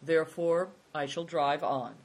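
A narrator doing a smug, calm truck driver. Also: medium pitch, unhurried. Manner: calm, dry, haughty.

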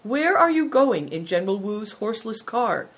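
A woman voicing a kindly, wise old male abbot who speaks calmly and benignly. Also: medium pitch, breathy edge, voice pushed up, poor audio. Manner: calm, benign, unhurried.

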